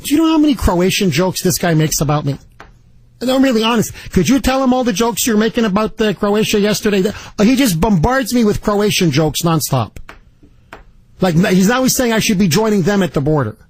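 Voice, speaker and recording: A man hosting a talk radio show, telling stories in an animated, indignant way and taking calls. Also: high voice, a little fast. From Canada. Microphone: studio microphone.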